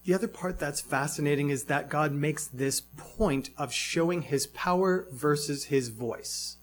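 A man's voice: fairly high pitch, a little slow, soft background music. A man preaching a sermon in a reflective way, asking many rhetorical questions.

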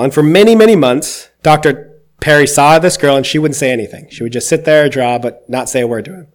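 A man giving a conversational, reflective sermon, reading scripture aloud and explaining it with occasional fillers. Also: fairly high pitch. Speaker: preacher.

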